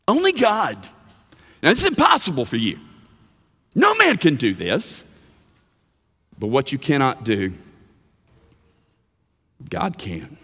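A man preaching a sermon as pastor, animated, swinging from emphatic lines to hushed ones. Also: medium pitch, slow, long pauses, husky, in a large hall. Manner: animated preaching with sudden drops to a hush. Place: church sanctuary.

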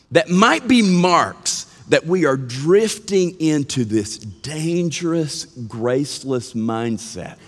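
Unhurried and earnest, a male pastor delivers a sermon, stretching out emphatic phrases and leaning on key words while his pitch swings expressively. He mimics whiny complaints in a playful way, and his voice rings with long reverb through the large church sanctuary.

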